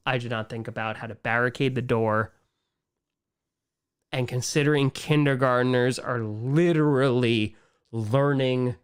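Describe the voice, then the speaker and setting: Male livestream host, casual chat, animated and ranting, with loud highs and quiet weary lows. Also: clean tone. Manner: animated, swings from excited outbursts to quiet, weary muttering; ranting, frustrated. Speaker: livestream host answering viewer questions. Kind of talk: casual live-stream chat.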